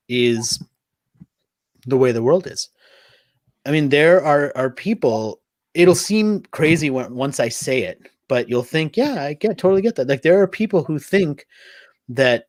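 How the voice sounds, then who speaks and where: A man's voice: medium pitch, dry recording. Chatty middle-aged man, dry sound. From United States. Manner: animated storytelling, frequent "like" and "I mean". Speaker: podcast guest. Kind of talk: conversational interview.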